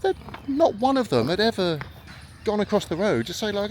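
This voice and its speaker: A man's voice: high voice, sing-song, moderate pace, a little mellow. A middle-aged man talking casually while walking in a park, telling stories and acting out what people said. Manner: chatty storytelling, acts out quoted voices. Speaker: vlogger. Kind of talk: rambling walk-and-talk vlog. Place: outdoors in a park. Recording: faint outdoor background noise.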